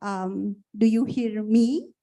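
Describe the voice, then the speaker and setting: A woman's voice: medium pitch, slow, warm tone. A woman moderating an online conference, polite and apologetic, often repeating her questions.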